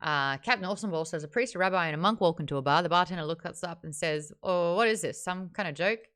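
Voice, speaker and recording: Woman, livestream book club host, bright and crisp, chatty. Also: on the low side, fast talker. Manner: chatty and animated, jumps between topics. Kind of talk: casual livestream chat.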